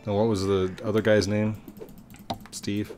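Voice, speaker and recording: A man's voice: lowish voice, level tone, a little slow, music in the background. A man hosting a gaming video from his home setup, joking around with his son at a desk microphone. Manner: playful, joking banter. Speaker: gaming channel host. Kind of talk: casual chat with his son while gaming.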